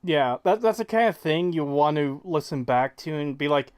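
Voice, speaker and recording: Podcast co-host, casual chat, sarcastic, quizzical, swears, middle pitch. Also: animated, normal speed, hardly any pauses, a little mellow.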